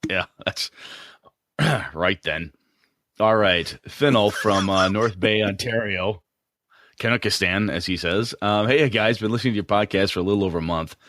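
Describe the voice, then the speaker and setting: A man's voice: on the low side, normal speed, fairly bright tone, no room sound, clean studio sound. A man co-hosting a gaming podcast, rambling and hedging with many restarts in casual chat. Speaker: podcast co-host.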